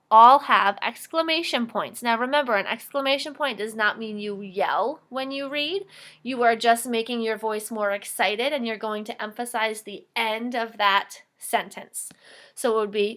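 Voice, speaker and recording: A woman teaching young children to read aloud, her voice bright and crisp. She talks clearly and warmly encourages the class, sitting a little above the usual pitch for a woman. She slows down to model each line with lots of expression. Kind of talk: reading fluency lesson for children.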